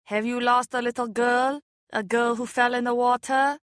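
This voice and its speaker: Woman doing a firm, kindly fisherwoman, slow and deliberate, pitched up, audiobook. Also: level tone, a bit bright, clean tone, no room sound, studio quality, natural voice. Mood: gentle. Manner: scolding then coaxing, slow and deliberate. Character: kindly adult fishing-boat woman, firm but gentle.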